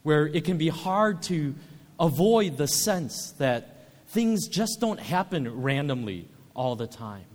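Reflective man preaching in a reverberant sanctuary. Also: on the high side. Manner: measured and reflective, with frequent filler pauses. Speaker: pastor. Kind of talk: sermon.

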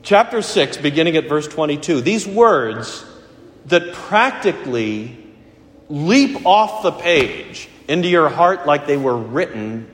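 A middle-aged man preaching a sermon in a church, conversational and gently humorous. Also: on the high side, lively intonation, takes it slowly. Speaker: pastor. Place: church sanctuary. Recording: echoey church hall.

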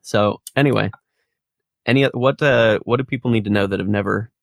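Man, low voice, gravelly fry, dry close sound, casual podcast chat, easy laughs. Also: brisk, no room sound. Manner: relaxed, chuckling often. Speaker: podcast co-host.

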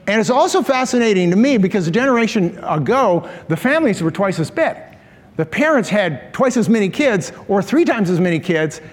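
A middle-aged man with a high voice delivers a sermon in a storytelling way. He mixes the story with humorous asides and laughs at his own jokes. His voice carries a long reverb from a large hall. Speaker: pastor.

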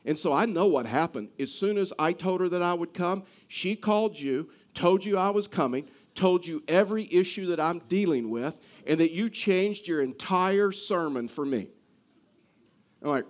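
A man's voice: sits high, expressive, normal speed. A male pastor preaching a sermon, earnest, often repeating and restarting his words.

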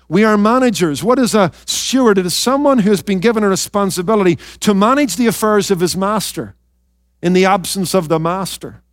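A male pastor preaching a sermon, emphatic, questioning his listeners and dropping into quiet, intense asides. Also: sits high, no room sound, clean studio sound. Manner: addresses listeners directly with rhetorical questions.

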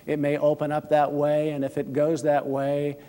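A man's voice: on the high side, completely flat delivery, moderate pace, dark tone. A man preaching a sermon in an earnest way, sometimes acting out what people might say. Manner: earnest, acts out quoted lines. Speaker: pastor. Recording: hall reverb.

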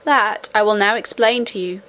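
A woman reading aloud voices a calm, wise and mysterious old grandmother who speaks in a measured, reassuring way. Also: mid-range voice, natural voice, rough recording. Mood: serene.

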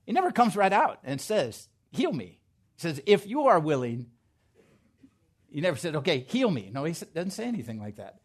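Speaking at a normal pace in a high, lively voice, a pastor delivers a sermon to his congregation. He sinks into hushed asides, then climbs to loud, forceful declarations.

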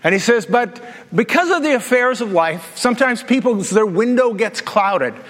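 A man's voice: high voice, expressive, normal speed, a bit bright, in a large hall. A man preaching as a pastor, joking and asking his congregation questions in a conversational way. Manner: humorous, conversational, asks the audience questions. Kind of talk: sermon. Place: church.

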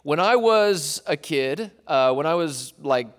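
A man's voice: a little high, expressive, slow, in a large hall. A young man from East Tennessee giving a casual sermon as pastor, chatty and self-deprecating, joking with the crowd.

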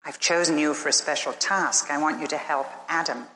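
A woman voicing a gentle, all-powerful male creator God who speaks softly and tenderly, coaxing. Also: sits low, big pitch swings, normal speed, a little hiss or hum, heavily acted. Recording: echoey hall.

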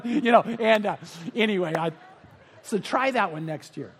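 A man's voice: very high voice, expressive, normal speed, fairly bright tone, husky, long reverb tail. A middle-aged male pastor giving a sermon, telling stories in a chatty way with many fillers. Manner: anecdotal storytelling with frequent fillers.

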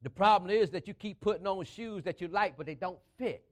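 High-voiced emphatic male preacher. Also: brisk. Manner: emphatic call-and-response preaching with rising, driving phrases. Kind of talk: sermon.

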